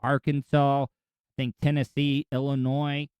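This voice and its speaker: A man's voice: medium pitch, monotone, unhurried, a little mellow, clear, resonant tone, no echo. A man in his forties from Florida, hosting a solo podcast in a rambling, opinionated, conversational way. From Florida, USA. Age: 40s. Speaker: podcast host. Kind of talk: casual solo podcast monologue.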